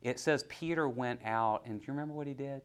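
Male preacher, sermon delivery, hushed-to-fervent swings, questions the congregation. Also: medium pitch, fast. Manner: swings from hushed near-whispers to loud, rising exhortation.

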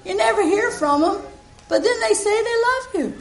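A woman's voice: very high-pitched, animated, normal speed. A woman preaching a sermon in a church, earnest and emphatic, with the congregation calling back responses. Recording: echoey room.

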